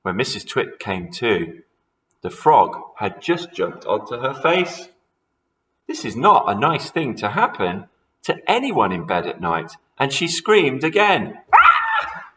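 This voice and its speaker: A man's voice: fairly low pitch, big pitch swings, measured pace, noisy background. A man who teaches primary school, reading a children's story aloud expressively and talking to his pupils.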